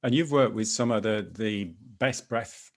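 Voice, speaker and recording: A man hosting a conversational interview, asking friendly, relaxed questions. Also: fairly low pitch, a little slow. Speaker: interview host.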